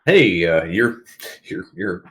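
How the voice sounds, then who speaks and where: A man's voice: low-pitched, sing-song, takes it slowly, fairly bright tone. A man co-hosting a podcast in a casual chat, playful and jokey, asking lots of questions. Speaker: podcast co-host.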